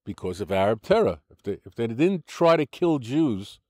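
A man's voice: medium pitch, very animated, moderate pace, warm tone, dry recording, clean studio sound. An older American-born man with an American accent, giving an interview in an argumentative, lecturing way, restarting sentences often. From United States. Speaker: interview guest.

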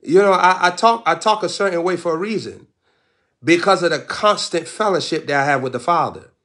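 Male preacher, slightly high voice, rhythmic repeating lists, shouts and hushed asides. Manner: swings from shouted declarations to low, quick asides; repeats phrases, lists words in cadence. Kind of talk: sermon.

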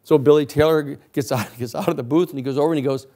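A male lecturer spinning a long story for a class. His telling is rambling and animated, full of fillers and restarts. His voice sits fairly high for a man. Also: fast talker.

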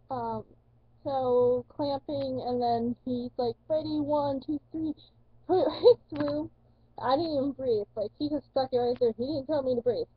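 A young woman, chatting casually in a vlog, rambling with lots of likes and ums and getting excitable. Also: on the high side, breathy edge, no room sound, lo-fi sound. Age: young adult. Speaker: vlogger. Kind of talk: casual chat.

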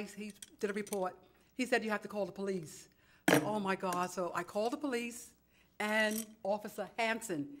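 A woman from New York stands at a council chamber podium and tells a long story in a chatty, theatrical way. Her voice sits a little high, and she plays out both sides of each conversation as she goes. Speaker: public commenter. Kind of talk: animated storytelling at a council meeting.

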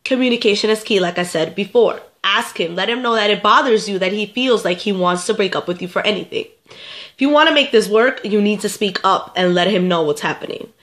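A woman's voice: medium pitch, fairly quick, fairly bright tone. A young woman vlogger with a stuffed-up nose, chatting casually and giving advice straight to her viewers and often repeating herself. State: stuffed up, getting sick. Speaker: vlogger answering viewer questions.

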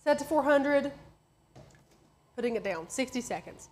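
A woman co-hosting a live crafting stream, telling stories in a chatty way with quick asides. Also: high voice, lively intonation, darkish tone. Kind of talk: casual chat.

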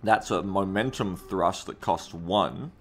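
Bright-voiced streamer, chatty. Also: male voice, sits low, slow pace, soft background music. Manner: chatty, reads viewer comments aloud, often second-guesses himself mid-sentence. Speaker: game streamer. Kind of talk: casual live-stream commentary while gaming.

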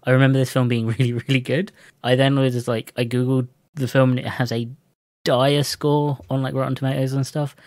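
An English man in casual podcast chat, his voice mid-pitched and recorded close and dry with no room around it. He rambles, restarts sentences and laughs easily. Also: level tone, fairly quick, a little mellow, dry recording. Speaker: podcast co-host.

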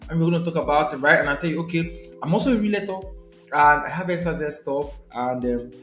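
A man's voice: on the high side, fast talker, a bit bright, echoey room, faint music behind. A young man, teaching a live sales session in a conversational way, repeating his key points and checking in with viewers. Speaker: sales trainer.

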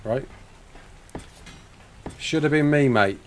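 A man's voice: medium pitch, slow pace, a little hiss or hum. A British man chatting casually on a live stream, answering viewer questions, laughing often and calling people mate. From United Kingdom.

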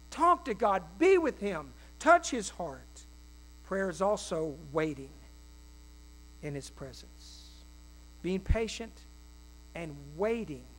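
A male pastor preaching a sermon in a folksy, animated way, with quick asides and acted-out quotes. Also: high voice, poor audio. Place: church.

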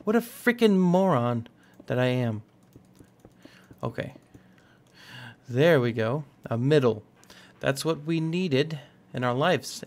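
A young man chats casually while he plays a building game. His voice sits a little high, and he rambles along, cracking jokes at his own mistakes. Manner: rambling, self-mocking and jokey. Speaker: gaming channel host. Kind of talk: casual let's-play commentary.

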